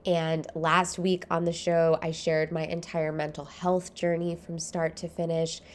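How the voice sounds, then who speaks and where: A woman's voice: sits low, level tone, unhurried, a little hiss or hum. A woman hosting her own podcast, talking from home in a chatty, rambling way and laughing often. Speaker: podcast host. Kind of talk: casual solo podcast monologue. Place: home, early morning.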